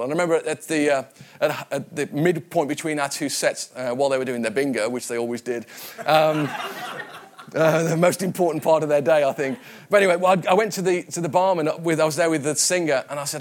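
A man's voice: fairly high pitch, fairly quick. A man from the West Midlands preaching a sermon, telling personal stories in a conversational way and often repeating his words. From West Midlands, England. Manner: conversational and anecdotal, with frequent repetitions.

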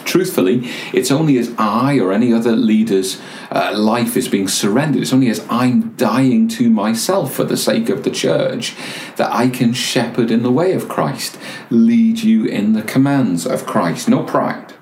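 A man preaching a sermon as pastor, measured, with pauses and repeated words. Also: mid-range voice, darkish tone, roomy sound, slight background noise.

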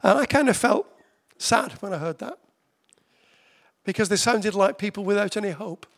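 A man preaching a sermon, his voice pitched high for a man with a gravelly, creaky edge. He talks to his listeners conversationally, then slows right down to hammer home repeated phrases. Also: animated. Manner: conversational, with slow emphatic repetitions.

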